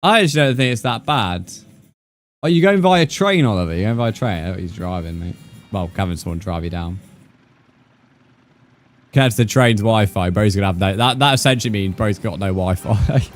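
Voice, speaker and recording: With a lowish voice and lively intonation, a young UK streamer chats at a moderate pace with his audience while gaming live. He speaks British English, drops slang such as "mate" and "bro," and faint music plays behind him.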